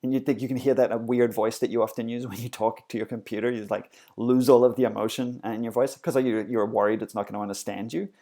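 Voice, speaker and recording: A man's voice: medium pitch, steady tone, quick pace, few pauses, warm tone. A man teaching a coding lesson in a casual, explanatory way, with frequent fillers and self-corrections. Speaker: instructor. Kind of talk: screencast coding tutorial.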